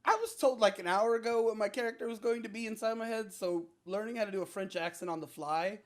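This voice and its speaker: A man's voice: sits high, fast talker. A male comedian guest chatting casually and rambling through a self-deprecating story. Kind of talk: casual chat.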